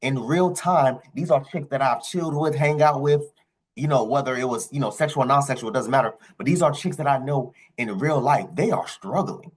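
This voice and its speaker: A man with a husky, slightly rough voice delivers a blunt vlog commentary. He talks emphatically and swears freely, and his pitch shoots up on the words he hammers home. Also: brisk, poor audio. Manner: emphatic, blunt, profane, pitch jumping high on stressed words. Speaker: commentary vlogger reacting to a clip. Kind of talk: ranting commentary.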